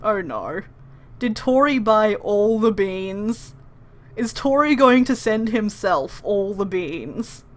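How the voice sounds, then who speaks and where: A woman's voice: mid-range voice, lively intonation, slow. A woman reading an earnest young game heroine. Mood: exasperated.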